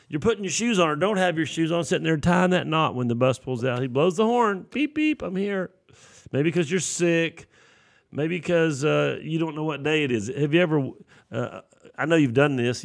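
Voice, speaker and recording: A man's voice: mid-range voice, gravelly. A man preaching a sermon, telling folksy stories and acting out the voices in them. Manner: folksy storytelling with acted-out voices.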